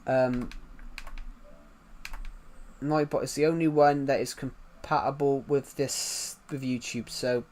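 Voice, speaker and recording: A British man on a casual live stream, talking at an ordinary mid pitch. He rambles loosely, circles back to repeat the same points, and greets and answers his chat as he goes. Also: fairly even intonation, takes it slowly, pauses often, darkish tone. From United Kingdom.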